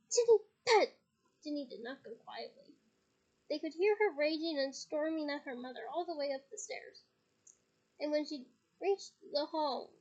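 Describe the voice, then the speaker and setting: A woman reading a novel aloud in a high voice. She breaks off for casual asides, restarting as she goes. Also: highs cut off. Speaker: reader.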